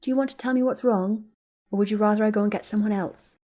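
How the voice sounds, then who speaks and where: A woman's voice: mid-range voice, fairly even intonation, quick pace, dark tone, natural voice. A woman reading a story aloud and voicing a worried young woman who urgently comforts a friend. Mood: anxious. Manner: urgent, then soothing and firm. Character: young woman, anxious but steadying her friend.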